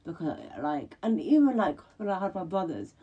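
Giggly, husky woman chatting. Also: lowish voice, very animated, dark tone. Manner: giggly, awkward, quick rambling. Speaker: podcast co-host. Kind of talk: casual chat.

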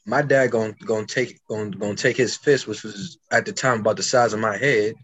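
Lower-voiced young man telling stories. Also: steady tone, a bit bright, slightly rough. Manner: storytelling, frequent restarts, fast bursts. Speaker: podcast co-host. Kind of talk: casual chat.

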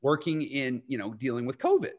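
A man's voice: medium pitch, sing-song, a little fast. A man hosting a podcast interview, telling rambling anecdotes with frequent self-interruptions. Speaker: podcast host. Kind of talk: casual conversational interview.

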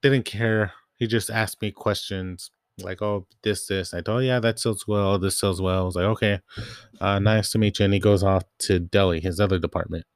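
A man's voice: lowish voice, steady tone, normal speed, no room sound, studio quality. A young man casually telling a rambling story about his grocery job, quoting coworkers and filling with "like". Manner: rambling, quotes coworkers, frequent "like". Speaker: grocery store worker.

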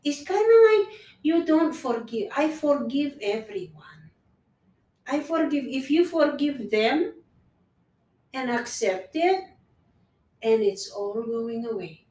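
Slow-spoken earnest woman in an echoey room. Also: high-pitched, expressive, warm tone, far from the mic. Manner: earnest, repetitive, restarts phrases. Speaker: guest sharing personal story. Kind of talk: casual conversation. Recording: echoey room, voice set back from the mic.

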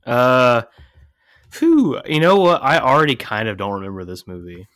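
A man's voice: medium pitch, sing-song, normal speed, a bit bright, dry recording, studio quality. A man in casual movie chat, laid-back and a little hesitant as he searches for words.

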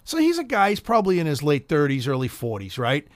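A man's voice: fairly high pitch, huge pitch swings, quick pace, dry recording. Profane middle-aged man ranting. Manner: profane, rambling, heated storyteller. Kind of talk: casual storytelling chat.

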